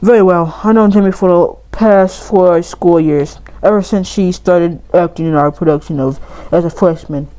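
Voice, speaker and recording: A woman voicing a grieving, evasive adult male drama teacher, reading game dialogue aloud slowly in a put-on accent. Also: lowish voice, fairly even intonation, dark tone, natural voice, low-quality recording. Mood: halting, sorrowful.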